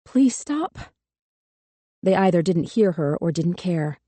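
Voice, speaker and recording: Measured, grave woman narrator with a darker tone, dry close studio sound. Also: lowish voice, fairly even intonation, mellow, no room sound. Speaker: audiobook narrator. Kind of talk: scripted narration.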